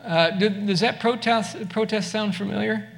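A man's voice: high-pitched, moderate pace, gravelly. A man preaching a sermon as a pastor, in a conversational way, asking the listeners direct questions.

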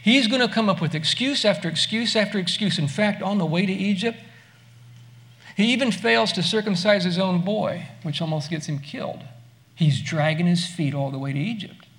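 A male pastor delivers a sermon in a high, clear, bright voice. He keeps it conversational and often turns to ask the listeners questions. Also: moderate pace. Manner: conversational preaching, asks the listeners direct questions.

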